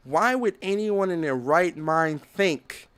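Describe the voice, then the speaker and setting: A man's voice: on the high side, lively intonation, slow pace, a bit bright, clean tone. A man hosting a podcast, ranting in opinionated solo commentary, swearing freely and acting out little dialogues. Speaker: podcast host.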